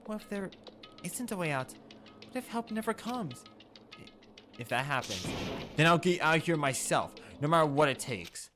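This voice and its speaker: A man voicing a frightened teenage girl in a shrill falsetto, pleading and desperate. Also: sing-song, normal speed, over music. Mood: despairing.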